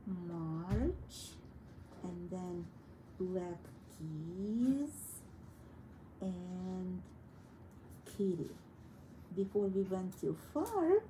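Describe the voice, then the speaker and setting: Slow, gentle woman piano teacher. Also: fairly low pitch, background noise. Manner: gentle, coaxing and encouraging with a child. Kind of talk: one-on-one children's piano lesson. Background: piano playing.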